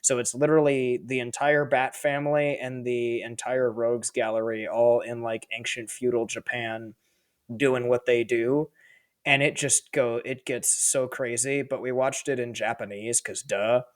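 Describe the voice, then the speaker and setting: Animated man retelling scenes between laughs. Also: mid-range voice, measured pace. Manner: animated storyteller, laughing through recaps. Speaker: podcast co-host. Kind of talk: casual chat.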